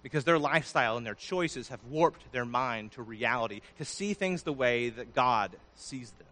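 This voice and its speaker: A man preaching a sermon, his voice swelling loud and then dropping low. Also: animated, moderate pace. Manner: preaching with sudden swells and drops in loudness. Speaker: pastor.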